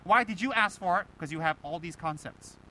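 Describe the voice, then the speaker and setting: A Buddhist teacher giving a dharma talk to students, animated and emphatic, firing rhetorical questions and mimicking other people. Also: male voice, high-pitched, a little fast, slight background noise, low-quality recording.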